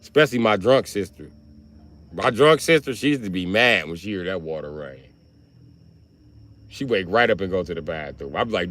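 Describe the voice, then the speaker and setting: A man, telling crude comedic stories on a livestream and swinging between loud outbursts and muttering. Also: sits low, lively intonation, normal speed, long pauses. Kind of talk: rambling comedic storytelling.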